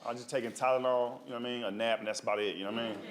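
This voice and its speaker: Racing along in a mid-range, fairly even voice, a male comic does stand-up storytelling with a handheld mic before a live audience. His streetwise stories ramble, he asks the crowd "you know what I mean", and audience laughter sounds in the background.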